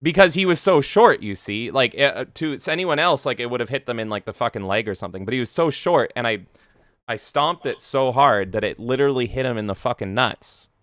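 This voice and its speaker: Male host, animated storyteller, crisp voice, close and dry. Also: mid-range voice, a little fast, no room sound. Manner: animated, swears a lot, acts out voices. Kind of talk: casual chat, storytelling.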